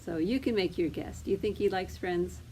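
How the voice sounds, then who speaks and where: A woman librarian reading picture books aloud to children, gentle and coaxing, often asking the kids questions. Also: lowish voice, moderate pace, slight background noise, poor audio. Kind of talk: storytime read-aloud to children.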